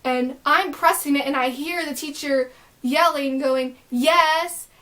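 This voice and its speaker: High-pitched young woman telling a storytime, rambly and excitable, says like a lot. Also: measured pace. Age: young adult. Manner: excitable, rambling, lots of filler "like". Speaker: vlogger. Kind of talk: storytime vlog.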